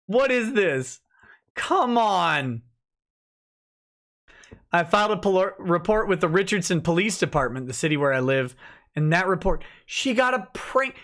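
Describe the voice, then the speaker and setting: A man's voice: high voice, fairly bright tone. A man hosting a casual livestream, reading documents aloud and breaking in with sarcastic, mocking asides.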